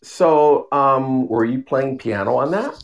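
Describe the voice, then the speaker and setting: A man in casual chat, curious and quick to laugh as he asks questions. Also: medium pitch, lively intonation, vocal fry.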